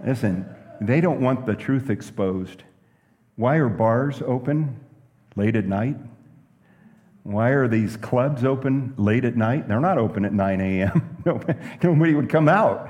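A pastor preaching a sermon, telling stories and asking the room questions. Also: male voice, mid-range voice, a little slow, in a large hall. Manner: lively preaching with stories and asides.

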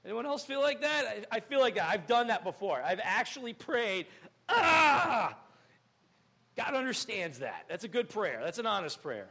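A young man preaching in a church, with a high voice that has a gravelly edge. He is animated, acting out little scenes and jumping to loud outbursts. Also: fairly quick, few pauses. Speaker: pastor. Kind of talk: sermon.

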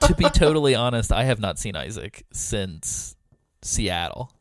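A man's voice: on the low side, big pitch swings, measured pace, no room sound. Reflective man leaving his podcast, dry sound. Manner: reflective, a little emotional, hesitant. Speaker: departing podcast co-host. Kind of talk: casual chat.

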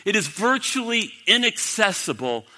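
A man preaching a sermon to a congregation, dramatic, swinging from loud to hushed. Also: sits high, very animated, normal speed. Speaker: pastor. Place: church sanctuary. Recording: long hall reverb.

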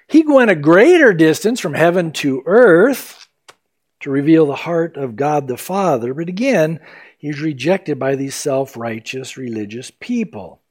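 A man preaching a sermon, retelling Bible stories with animated delivery and acted-out quotes. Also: on the high side. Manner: animated storytelling, acting out quoted voices. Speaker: pastor.

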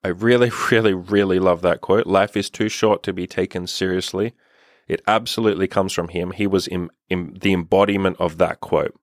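A young man with a lowish voice tells stories straight to camera, swearing freely and laughing through the telling. The sound is dry and close, with no room around it. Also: moderate pace, no room sound. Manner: sweary, laughing, animated storytelling. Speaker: dating coach and vlogger. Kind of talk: casual storytelling to camera.

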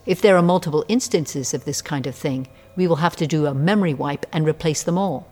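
An actress playing a brisk, businesslike technician who gives crisp commands. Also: female voice, low-pitched, a little mellow.

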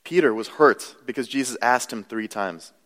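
A man's voice: medium pitch, moderate pace, a bit bright, big-room sound. A young adult man preaching a sermon in a conversational, self-deprecating way, full of "you know"s. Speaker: pastor.

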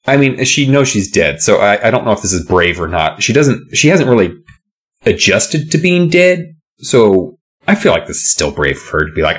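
A man co-hosting a podcast, recapping a children's book in a jokey, animated way. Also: fairly low pitch, normal speed. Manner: animated, jokey, sound-effect hums. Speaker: podcast co-host. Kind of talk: casual book-recap chat.

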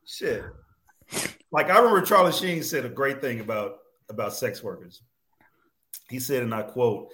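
A man's voice: mid-range voice, moderate pace, pauses often, sharp tone, echoey room. A man joining a casual recap chat as a guest, talking crudely and laughing through his riffs. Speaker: guest co-host.

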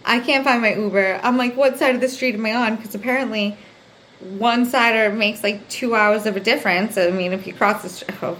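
A young woman hosting her own podcast, telling a story in a casual, animated way, swearing freely, filling her talk with "like" and acting out the people she quotes. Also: a little fast. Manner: animated, acts out quotes with big pitch jumps; swears freely, says "like" constantly. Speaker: podcast host. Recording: faint background noise.

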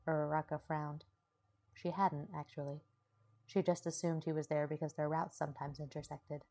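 A woman narrates a story in an even, unhurried way. Her voice is low and gravelly, with a creaky fry. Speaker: reader. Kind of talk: audiobook-style fanfiction reading.

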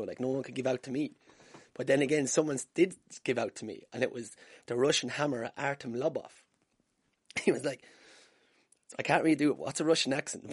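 Husky-voiced Irish podcaster telling stories. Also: male voice, medium pitch, no echo, clean studio sound. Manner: swearing, self-deprecating, laughing at himself. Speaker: podcast host. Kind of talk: casual solo podcast storytelling. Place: room at home. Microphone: wired podcast mic.

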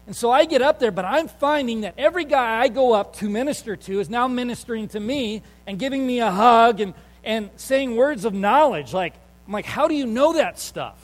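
A man's voice: very high voice, animated, fairly quick, long reverb tail, poor audio. A male pastor preaching a sermon in an earnest, conversational storytelling way, with fillers and emphatic turns.

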